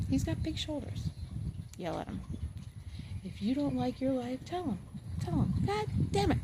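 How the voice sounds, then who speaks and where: A chatty woman talks straight to her viewers about spiritual growth, earnest and warm in an everyday way, with quick laughs and moments where her voice sinks to a near whisper. Her voice sits in an ordinary middle pitch. A clear hum of background noise runs under everything she says. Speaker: spiritual vlogger. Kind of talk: casual spiritual talk to camera.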